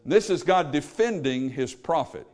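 Emphatic preacher, man, slightly high voice. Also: a little slow. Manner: emphatic, animated, paraphrasing scripture with acted quotes. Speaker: pastor. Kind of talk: sermon.

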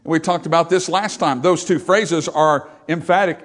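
Emphatic preaching man, fairly high voice. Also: fairly even intonation, normal speed. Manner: emphatic preaching with rhetorical questions, rising loud on scripture. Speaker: pastor. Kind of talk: sermon.

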